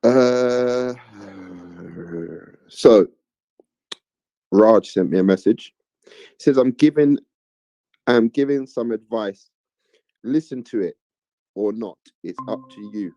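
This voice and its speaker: A man's voice: mid-range voice, takes it slowly, long pauses, warm tone, dry recording, dull audio. A man live-streaming who reads viewers' chat messages aloud and chats casually, often repeating himself.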